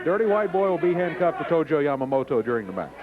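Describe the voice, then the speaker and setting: A man hosting a wrestling TV show, calling the action and interviewing a wrestler in an excitable manner. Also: a little high, fast. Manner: excitable, reads stipulations aloud. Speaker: wrestling TV host and commentator. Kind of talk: play-by-play commentary and interview. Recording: lo-fi early-90s TV broadcast with crowd noise.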